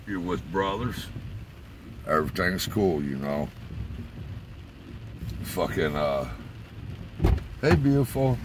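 A man's voice: very deep voice, background noise. A man telling a rambling, profane story in a casual way, chuckling as he goes, from inside a car.

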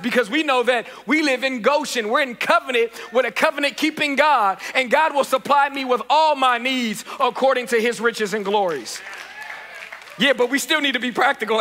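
A man's voice: extremely high pitch, pushed and bright. A man preaching a sermon as pastor, building repeated refrains and calling for the congregation to answer back. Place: church sanctuary. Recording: reverberant church hall.

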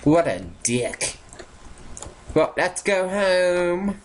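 A young man giving casual, sarcastic commentary while playing a game, swearing often and reacting out loud. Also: sits high, lively intonation, very slow, a little hiss or hum. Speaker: gaming YouTuber. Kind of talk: casual let's-play commentary.

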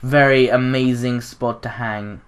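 Excitable young gaming commentator. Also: male voice, mid-range voice, unhurried, smooth. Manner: excitable, rambling, gasps and giggles. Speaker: gaming YouTuber. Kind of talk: casual gameplay commentary.

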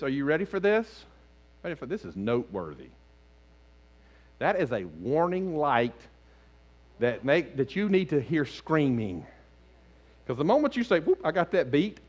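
Man, pastor, lively preaching, slightly higher voice, church sanctuary. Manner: animated preaching, swinging between loud and hushed. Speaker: lead pastor. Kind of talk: sermon.

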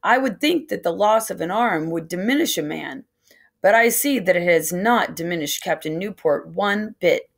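A woman teacher reads a novel aloud to her class in a steady, even storytelling voice. Her pitch sits low and a gravelly fry runs through it. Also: normal speed. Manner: steady first-person story reading.

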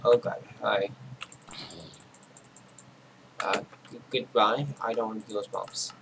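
A man narrating his own video game play in a casual, rambling way, talking to himself, his voice a little hoarse. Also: on the low side, fairly even intonation, moderate pace, noisy background. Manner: rambling, talks to himself while playing. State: losing his voice. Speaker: gaming channel host. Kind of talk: casual gameplay commentary.

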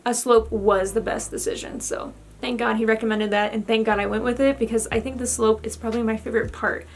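A woman's voice: fairly high pitch, fairly even intonation, brisk, slight background noise. A young woman giving a casual vlog update, chatty and candid with lots of fillers, a little out of breath. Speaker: vlogger.

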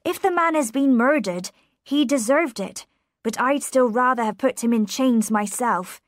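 Woman voicing stern male magistrate, commanding, slow, dry close sound. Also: on the high side, no echo, voice pushed up, natural voice. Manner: reproachful, commanding. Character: stern slow-minded country magistrate, man.

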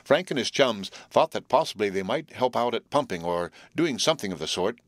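A man reads an audiobook in a low, steady voice. His delivery is clear and even. The sound is dry and close. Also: brisk, no room sound. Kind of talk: audiobook narration.

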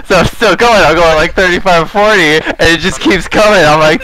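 A man's voice: sits high, a little fast, hardly any pauses, fairly bright tone, poor audio. A man casually telling a rambling, profane story to friends, laughing through it.

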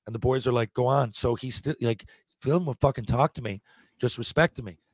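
Speaking at normal speed in a husky, medium-pitched voice with no room sound, a podcast guest in his forties casually shares meandering anecdotes full of profanity.

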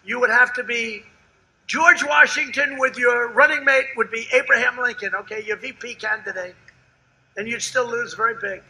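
Older male rally speaker: brassy, very bright voice, pitched fairly high, boastful and repetitive, with loud shouted peaks and quiet asides. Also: normal speed, gravelly, poor audio. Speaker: politician at a campaign rally. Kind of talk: rally speech. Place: outdoor rally before a large crowd.

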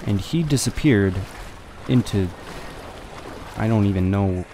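A man's voice: on the low side, animated, a little slow, mellow, a little hiss or hum. A young man casually commenting on a horror game as he plays, swearing and talking to himself. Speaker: let's play gamer.

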